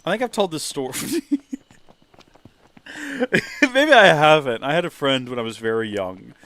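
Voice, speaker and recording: Animated man streaming a game. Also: brisk, smooth. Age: 30s. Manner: animated, jumps into high exclaiming voices when excited. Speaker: let's play streamer. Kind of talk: casual gameplay commentary and storytelling.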